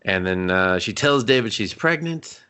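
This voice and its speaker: A man's voice: lowish voice, lively intonation, normal speed, pushed and bright, clean tone. A man co-hosting a movie podcast, retelling scenes in casual chat with mocking voices, swearing and laughing. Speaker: podcast co-host.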